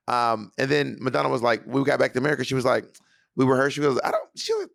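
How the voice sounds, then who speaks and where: A man in his thirties from New York co-hosting a podcast in campy, animated casual chat. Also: medium pitch, rapid-fire, vocal fry. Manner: campy, animated storyteller, breaks into shouted stage hype. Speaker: podcast co-host.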